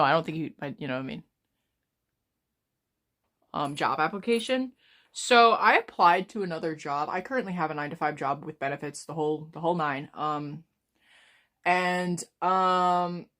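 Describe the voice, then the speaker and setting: A woman in her twenties chatting casually on a live stream, rambling and swearing freely as she talks fast. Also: on the low side, fairly bright tone. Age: 20s. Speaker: livestreamer.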